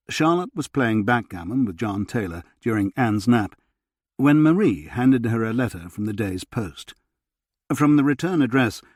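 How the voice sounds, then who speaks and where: Male narrator, scripted audiobook reading, lively intonation, husky. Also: mid-range voice, no echo, clean studio sound.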